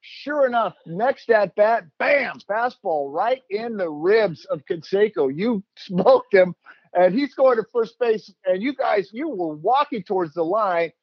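A man hosting a casual chat, telling an animated story, laughing and acting out quotes. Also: high-pitched, measured pace, dry recording. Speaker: host, former player. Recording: dull, lo-fi dry sound.

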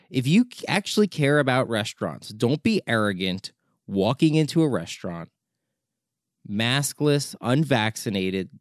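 A documentary filmmaker giving an impassioned opinion monologue, exasperated and urgent, often repeating words for emphasis. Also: male voice, fairly low pitch, no echo, studio quality.

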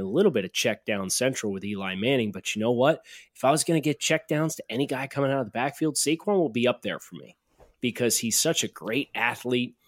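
A man's voice: lowish voice, no echo, clean studio sound. A man co-hosting a sports podcast, chatting casually and breaking into heated, jokey rants. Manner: ranting, jokey. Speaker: podcast co-host.

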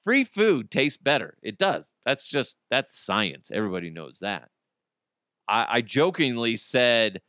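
A man's voice: mid-range voice, very animated, slow, sharp tone, no echo, clean studio sound. A man hosting his own podcast, rambling and joking with plenty of swearing. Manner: rambling, profane, jokey. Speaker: podcast host. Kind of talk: casual solo podcast monologue.

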